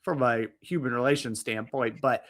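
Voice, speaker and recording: Medium-pitched and a bit bright, this co-host moves at a moderate pace through relaxed wrestling podcast talk. He meanders, interrupts himself mid-sentence, and laughs softly as he goes.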